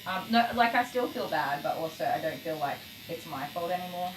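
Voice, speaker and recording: A woman's voice: on the low side, a little fast. Chatty Australian woman groomer, roomy echo. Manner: animated, laughing, acts out voices in anecdotes. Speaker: dog groomer livestream host. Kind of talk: chatty livestream storytelling while working. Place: indoor grooming room. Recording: roomy echo, faint clipper noise. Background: electric clipper buzz.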